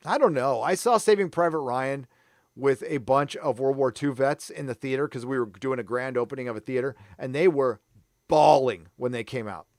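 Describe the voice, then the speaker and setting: A man's voice: mid-range voice, normal speed, dry recording, studio quality. A man from San Diego hosting a live stream, chatting casually in a rambling, self-deprecating way. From San Diego, California. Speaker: livestream host.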